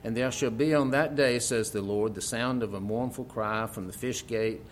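A man's voice: mid-range voice, moderate pace, slight background noise. Folksy preacher man reading scripture. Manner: folksy, joking asides, hesitant fillers.

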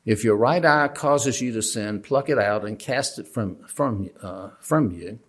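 This Bible teacher speaks in a lowish voice without hurrying. Standing at a lectern, he keeps the lesson casual, asks the audience things, and makes fun of himself.

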